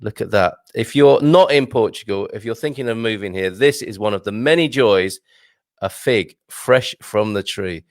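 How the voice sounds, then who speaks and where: A man's voice: lowish voice, moderate pace, no echo. A man hosting a morning live stream, chatting casually and joking as he reads out viewer comments from a home studio. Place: home studio with a green screen.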